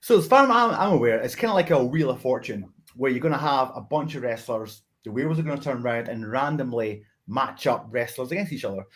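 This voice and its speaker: A man's voice: medium pitch, brisk, hardly any pauses. A man speaking as a veteran wrestler guest in casual podcast chat, friendly but confident and teasing.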